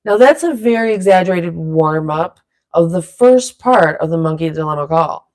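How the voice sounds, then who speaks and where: A woman leading a silly vocal warm-up in a playful, rambling way, drifting into loose improvised rapping. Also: on the low side, animated, normal speed. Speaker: vlogger leading a vocal exercise. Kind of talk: playful casual instruction.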